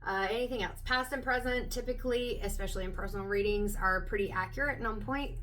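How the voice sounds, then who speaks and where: A woman tarot reader, her voice still hoarse from being sick, chatting casually with many ums as she introduces a reading. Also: medium pitch, a bit bright, far from the mic, a little hiss or hum. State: recovering voice, slightly hoarse.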